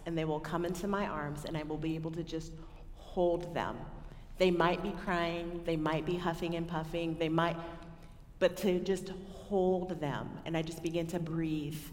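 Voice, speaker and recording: A woman with a Texan accent preaching a sermon to a women's gathering, telling stories and swinging between loud and hushed moments. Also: on the low side, measured pace. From Texas. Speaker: women's ministry speaker. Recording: echoey hall with long reverb.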